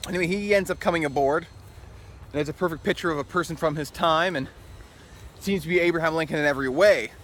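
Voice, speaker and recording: Man, casual opinion vlog, rambling, opinionated, chuckling, somewhat high voice, outdoors in a city, faint street noise. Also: quick pace, a bit bright. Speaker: vlogger.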